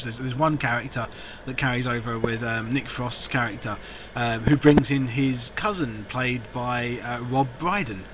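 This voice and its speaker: Rambling man reviewing films. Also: mid-range voice. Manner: rambling, many fillers and restarts. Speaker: film reviewer, host. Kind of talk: casual film review chat. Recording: dull lo-fi recording, faint hiss.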